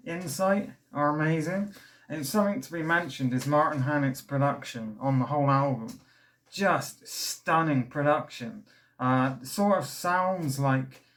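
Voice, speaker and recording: A man's voice: a little high, fairly bright tone. A young man talks through an album in a casual, rambling way, full of fillers and restarts. He sounds a little out of breath, and his enthusiasm carries through every tangent. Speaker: record reviewer. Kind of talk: casual album review vlog.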